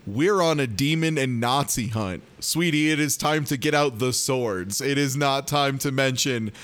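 Man, podcast co-host, casual recap chat, sarcastic, animated, swears a lot. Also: medium pitch, unhurried.

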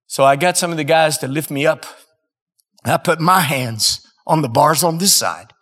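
A male preacher telling a story in a sermon, dramatic and emphatic, with weighty pauses. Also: a little high, fairly bright tone. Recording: long reverb in a large hall.

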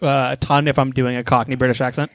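A man's voice: mid-range voice, level tone, fast talker, dry recording, studio quality. A man co-hosting a podcast in casual chat, talking crudely with lots of swearing and laughs. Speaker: podcast co-host.

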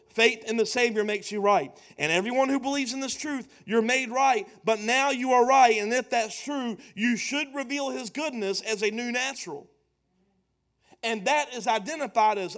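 High-voiced man preaching with emphatic swells. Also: moderate pace. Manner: emphatic, building to loud punchlines, playful asides. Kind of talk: sermon.

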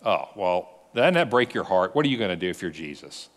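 A man's voice: deep voice, brisk, in a large hall. A male pastor preaching a sermon, retelling stories and throwing rhetorical questions to his congregation. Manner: animated storytelling with rhetorical questions.

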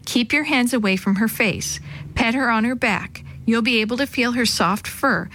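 A woman voicing a calm, firm male animal trainer who gives steady, cautioning instructions. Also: very high-pitched, normal speed, slight background noise. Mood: explaining. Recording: dry close sound.

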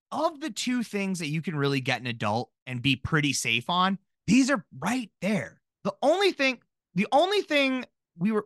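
A man in his thirties chatting on a podcast, his voice high and bright. He swings up and down with lively energy, joking at his own expense. The sound is close and dry. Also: no room sound. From Minnesota. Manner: animated, jokey, self-deprecating. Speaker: podcast co-host. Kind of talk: casual chat.

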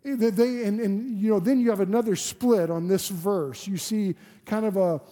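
Pastor guy preaching, earnest, keeps asking questions, kinda high mellow voice. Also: moderate pace. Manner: earnest, repetitive restarts, rhetorical questions. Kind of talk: sermon. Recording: long hall reverb.

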